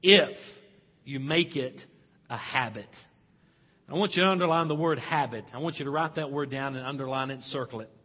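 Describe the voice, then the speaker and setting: Husky-voiced guy preaching in a big echoey church, muffled sound. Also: medium pitch, brisk. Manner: emphatic preaching with rhetorical questions to the congregation. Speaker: pastor. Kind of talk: sermon.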